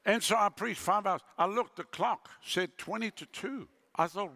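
A high, bright male voice with a gravelly edge, belonging to a middle-aged evangelist preaching. He tells his story like a performer, jumping up in pitch whenever he acts out a line of dialogue. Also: normal speed. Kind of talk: sermon storytelling.

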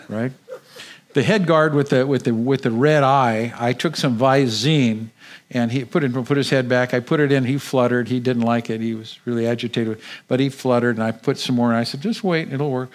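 With a medium-pitched voice, a guest speaker at a church service recounts a dramatic episode from his own life. His telling is vivid and animated, with frequent repetition of words along the way.

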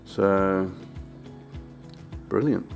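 Gravelly, mellow-voiced man vlogging. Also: drawn-out words, faint music behind. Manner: chatty, talks to his dog in a high singsong voice. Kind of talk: casual vlog commentary.

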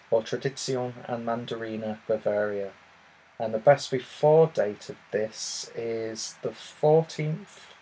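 Male beer vlogger: husky, rambling, self-deprecating, casual delivery. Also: mid-range voice, poor audio. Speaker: beer reviewer. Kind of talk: casual video review. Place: indoors, seated in a low chair at a table.

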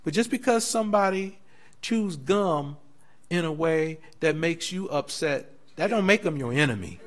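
A man, a pastor, teaching a Bible class in a lively preaching style, telling stories and acting out quoted voices. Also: a little high, moderate pace. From United States. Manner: animated preaching with storytelling, laughing asides; acts out quoted voices in dialogue.

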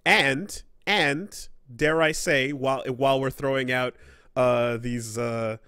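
A man's voice: mid-range voice, steady tone, slow, bright, forceful tone, smooth, dry recording, clean studio sound. A man co-hosting a casual gaming podcast, rambling and swearing as he acts out quoted characters. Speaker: podcast co-host.

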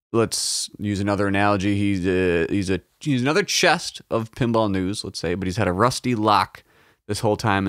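Man, casual podcast host, crude jokey rambling, very animated pitch, dry close mic. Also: dry recording. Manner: rambling, crude, joking, self-deprecating.

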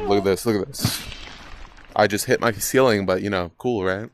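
A man's voice: fairly low pitch, moderate pace, slight background noise. A young man giving casual, rambling gameplay commentary, swearing casually and poking fun at himself. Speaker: gaming video creator.

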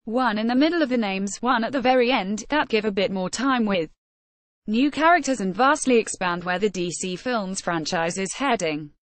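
A woman's voice: mid-range voice, moderate pace, no room sound. A woman narrating a scripted explainer, reading out an article word for word, page labels included.

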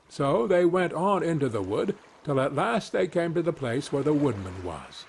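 A man reading a fairy tale aloud as a gentle, measured bedtime story. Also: fairly high pitch, big pitch swings, creaky, a little hiss or hum.

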